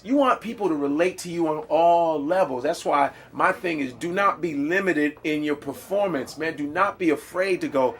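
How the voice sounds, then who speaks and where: A stand-up comedian man talking in a casual interview, with a voice pitched a little high for a man. He tells stories in an emphatic, animated way, heavy on street slang and swearing. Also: moderate pace.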